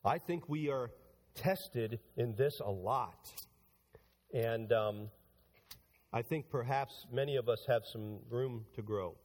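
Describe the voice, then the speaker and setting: A pastor with a mid-range, darkish voice speaks slowly in a church sanctuary with a big-room sound. His sermon starts conversational and builds to emphatic preaching.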